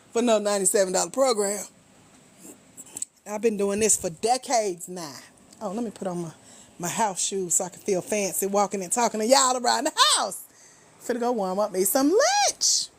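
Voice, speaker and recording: A middle-aged woman hosting a casual livestream, a grant coach who chats with viewers in a teasing, slangy, relaxed way while walking around at home, a little tired. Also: medium pitch, slight background noise. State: tired, low energy.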